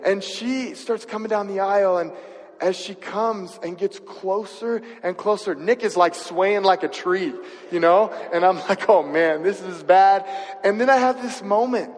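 A man's voice: sits high, in a large hall. A man preaching a sermon and telling a personal story in a conversational way, often asking his listeners questions. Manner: conversational, asks the audience questions. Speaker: pastor.

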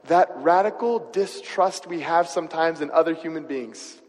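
A fairly high-pitched man preaches in what sounds like a big room, telling a personal story as a pastor. His manner is conversational, and he often addresses questions to his listeners.

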